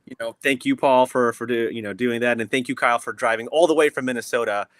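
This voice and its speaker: A man's voice: mid-range voice, fairly even intonation, fast, fairly bright tone, dry recording, studio quality. A man guest on a casual livestream, chatty and upbeat, laughing easily. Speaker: guest creator.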